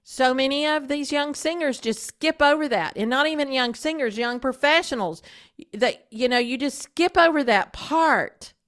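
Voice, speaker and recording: A high-voiced woman who hosts a podcast and teaches voice speaks at a moderate pace. She coaches listeners in a steady, instructional monologue, often putting direct questions to them.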